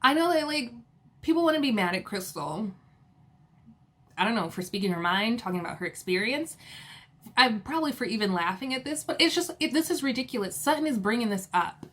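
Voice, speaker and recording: A young woman recapping a reality show episode in a chatty, casual way, full of fillers and quick laughs. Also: fairly high pitch, lively intonation, fairly bright tone.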